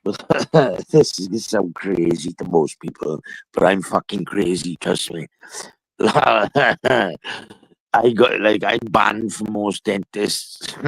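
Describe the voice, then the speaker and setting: A low-voiced man with a gravelly, creaky edge tells a rambling story, swearing in almost every line. His voice sounds close and dry, with no room around it. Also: fairly bright tone, no room sound, poor audio. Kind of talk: casual chat.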